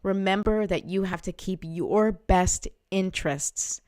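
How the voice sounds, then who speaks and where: A woman's voice: mid-range voice, a little slow, darkish tone, smooth, dry recording, clean studio sound. Earnest woman in her forties reading oracle cards. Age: 40s. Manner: earnest, spiritual, many fillers. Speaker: oracle card reader. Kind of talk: live-stream card reading.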